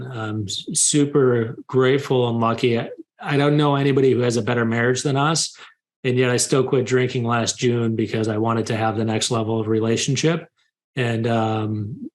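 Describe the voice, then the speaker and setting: A man in his thirties, a podcast guest, openly telling a personal story and getting animated as he retells scenes. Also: medium pitch, normal speed. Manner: open, confessional, animated when retelling scenes. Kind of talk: candid storytelling.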